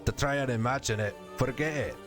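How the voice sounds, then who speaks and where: A man voicing a gruff, scornful male war storyteller from a fantasy game, with a put-on Scottish accent and a slangy, ranting manner. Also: medium pitch, a little fast, music in the background, close to an everyday voice. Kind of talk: reading game dialogue aloud in character.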